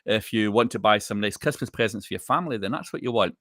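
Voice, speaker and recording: A man co-hosting a chat show, calmly explaining advice and repeating his points. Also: lowish voice, fast talker, no room sound, clean studio sound. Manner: calm, explanatory, repeats phrases. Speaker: co-host.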